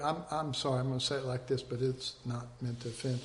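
A man teaching an informal Bible study, rambling and conversational, with many restarts, often dropping to a soft, earnest hush. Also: mid-range voice, steady tone, quick pace, hardly any pauses, a little hiss or hum.

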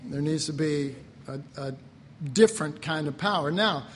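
An older man, a pastor, preaching a sermon in a folksy storytelling manner, often clearing his throat and chuckling. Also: a little high, normal speed. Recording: long hall reverb.

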